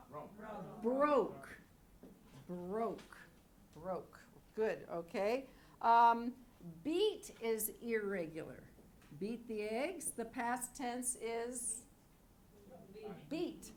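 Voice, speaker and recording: Slow, clear ESL teacher woman. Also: fairly high pitch. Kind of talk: classroom teaching. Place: classroom.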